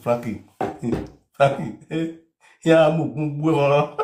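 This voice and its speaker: A man with a Nigerian accent giving an animated comic rant, swinging into shouts and mock accents. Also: on the high side, a little fast. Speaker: comedian.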